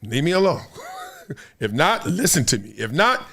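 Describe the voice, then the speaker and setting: Lively male host, joking and slangy, voice rising and falling a lot, slightly higher register. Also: normal speed, slightly rough. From Southern California. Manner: animated, joking, slangy, teasing the audience. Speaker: show host. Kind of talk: casual commentary livestream.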